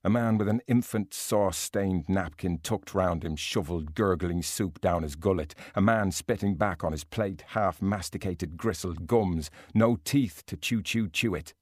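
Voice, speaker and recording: A man's voice: deep voice, darkish tone, no echo, studio quality. A man putting on a mock Irish novel reader. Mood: disgusted, vivid. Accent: put-on Irish. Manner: slow, relishing, vivid reading.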